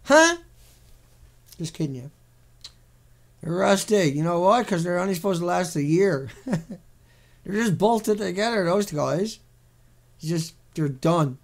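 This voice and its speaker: A video commentator rants sarcastically over a series of pictures, mocking and repeating himself. His voice is high and gravelly, and he speaks unhurriedly with frequent pauses.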